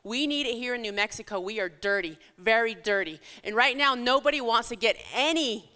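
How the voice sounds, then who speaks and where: High, bright, impassioned woman in a hall. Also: a little fast. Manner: urgent, pleading, grows tearful. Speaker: political candidate. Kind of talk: impassioned campaign speech. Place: church hall. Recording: echoey hall with long reverb.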